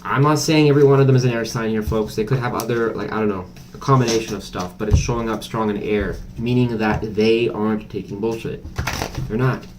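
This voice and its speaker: A man's voice: fairly low pitch, fairly even intonation, fairly quick, a little hiss or hum. A man doing a casual tarot reading to camera, chatty and blunt, thinking aloud with many fillers. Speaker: tarot reader.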